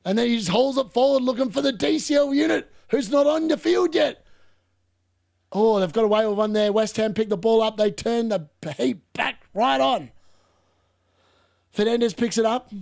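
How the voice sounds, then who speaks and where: A man calls a football match live for his viewers, loud and excitable. His voice sits high and carries a gravelly rasp. He yells at missed chances and teases the players without mercy. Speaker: watchalong streamer. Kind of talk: live match commentary and reaction.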